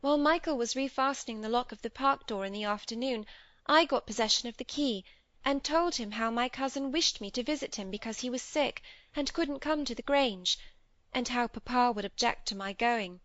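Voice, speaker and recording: A woman's voice: fairly high pitch, normal speed, fairly bright tone, no room sound, lightly acted. An earnest, headstrong young girl, as a woman reader puts her on, pours out a nervous confession in a slightly raised voice. Her pleading, confiding tone carries the scene of a classic storybook. The recording is dry and a little dull, like a lo-fi studio read. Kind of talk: audiobook character reading.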